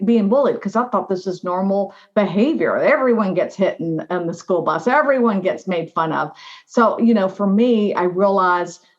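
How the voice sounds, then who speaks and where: Animated woman telling her story. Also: fairly low pitch. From United States. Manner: animated, frequent "right?" and "you know". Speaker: guest, diversity officer. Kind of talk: conversational interview storytelling. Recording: slightly dull lo-fi audio.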